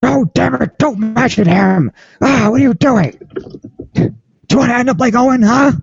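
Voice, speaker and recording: Man doing a ranting older wrestling boss, pitched up, shouting, lo-fi. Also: moderate pace, vocal fry, music in the background. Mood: frantic. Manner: ranting, berating. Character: older male wrestling boss screaming into headset.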